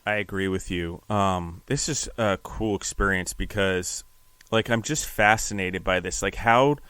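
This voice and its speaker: Deep monotone guy hosting a podcast, rambly, lots of "like", dry close sound. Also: measured pace, smooth, no echo. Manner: rambling, fills with "like". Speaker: podcast host. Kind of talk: casual interview.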